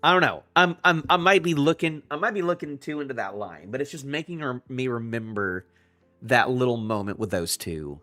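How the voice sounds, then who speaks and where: A man reacting live to a manga chapter, rambling and restarting his sentences as he gets excited. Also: mid-range voice, normal speed, dry recording, soft background music.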